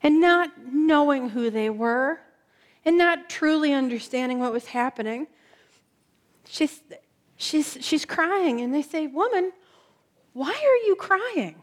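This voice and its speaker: A woman preacher telling a story in a sermon, slowing down and dropping her voice soft for emphasis. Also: sits high.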